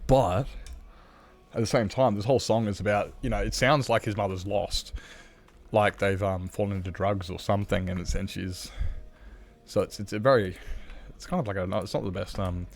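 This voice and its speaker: A man's voice: lowish voice, normal speed. A man chatting casually on a live game stream, rambling and candid, swearing freely and dropping lots of fillers. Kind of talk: casual live-stream chat while gaming.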